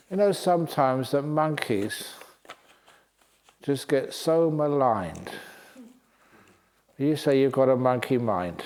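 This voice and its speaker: A man's voice: mid-range voice, lively intonation, a little slow, pauses often, a little mellow, a little hiss or hum. Playful man telling a Buddhist story. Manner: playful, storytelling, chuckling often. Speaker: Buddhist monk teacher. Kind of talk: humorous Dharma talk.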